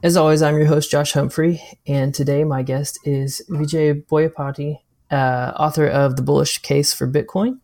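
A man's voice: a little high, little pitch movement, normal speed, few pauses, a little mellow, no room sound. A man hosting a podcast, talking casually and hesitating with fillers. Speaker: podcast host. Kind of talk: casual interview chat.

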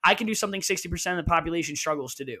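Quick, high-voiced man chatting on a podcast. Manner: animated, repeats himself, hedging asides. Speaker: podcast co-host. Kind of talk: casual podcast chat. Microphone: headset.

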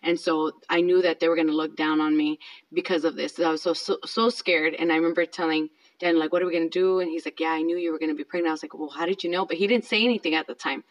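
A woman's voice: sits low, fairly even intonation, fast talker, low-quality recording. A woman in her thirties telling a personal story in a casual, chatty way, with lots of fillers. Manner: chatty, filler-heavy, self-conscious.

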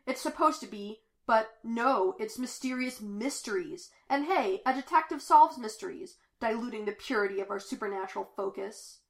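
A woman voicing an intense, conspiracy-minded teenage boy who bursts into loud, excited outbursts. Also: on the high side, normal speed, few pauses.

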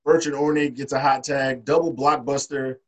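A man's voice: medium pitch, steady tone, moderate pace. A man hosting a podcast, casually recapping wrestling from his notes with loose, profane talk. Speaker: podcast host.

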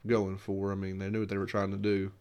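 Low flat-voiced guy, talks quick, co-host throwing in short questions. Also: clear, resonant tone. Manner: short questions and backchannel replies. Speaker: podcast co-host. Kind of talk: casual chat.

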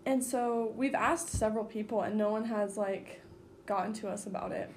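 A woman's voice: medium pitch, steady tone, moderate pace, darkish tone, a little hiss or hum. A teenage girl in casual chat as a student co-host, easygoing, laughing often, full of hesitant fillers.

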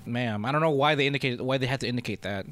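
A man's voice: mid-range voice, very fast, fairly bright tone. Laid-back man co-hosting a podcast. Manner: laid-back, laughing, rambling with restarts. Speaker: podcast co-host. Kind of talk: casual chat.

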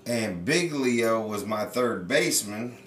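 A man hosting a casual chat, telling baseball stories with lots of swearing and animated energy. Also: on the low side, slow, reverberant, a little hiss or hum. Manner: profane, animated storyteller. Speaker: podcast host.

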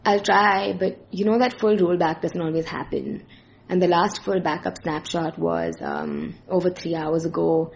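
A woman's voice: on the low side, animated, a little slow, gravelly, dull audio, a little hiss or hum. A woman voicing a worried man, a tech worker, who speaks in an uneasy, hesitant way.

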